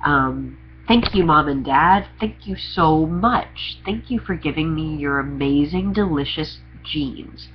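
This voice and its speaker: A man's voice: fairly high pitch, slow, muffled recording, slight background noise. A young trans man talking candidly to camera in a rambling, confessional vlog with sarcastic humor. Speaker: vlogger. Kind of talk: candid personal vlog monologue.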